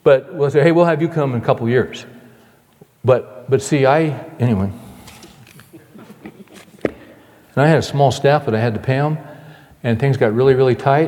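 An older man preaching a sermon, telling a personal story, acting out his past voice and dropping soft and low at the end. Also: moderate pace, pauses often. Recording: long reverb of a large hall.

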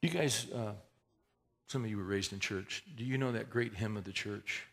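Gravelly man preaching a folksy sermon. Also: fairly low pitch, moderate pace. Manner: folksy, conversational preaching with emphatic swells and hushed prayers. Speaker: pastor.

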